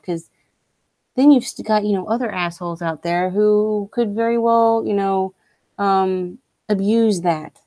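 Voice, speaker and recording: A woman's voice: medium pitch, measured pace, mellow, no echo. A young woman streamer ranting casually, blunt and profane, full of strong opinions. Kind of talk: casual rant while streaming.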